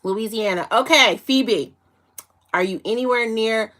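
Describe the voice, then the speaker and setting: A woman's voice: fairly high pitch, a little slow, a bit bright. Giggly young woman live-streaming. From Chicago, USA. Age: 20s. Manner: chatty, giggly, reading out viewer comments. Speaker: livestream host. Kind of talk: casual live-stream chat with viewers.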